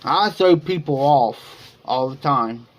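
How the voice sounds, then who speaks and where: With a medium-pitched, animated voice at a slow pace, an Ohio livestream host spins rambling folksy tales full of slang, chuckling throughout. The casual storytelling comes through a streaming setup microphone.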